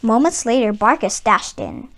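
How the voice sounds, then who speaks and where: Woman, children's book read-aloud, high lively voice, unhurried. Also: vocal fry. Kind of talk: read-aloud storytelling for kids.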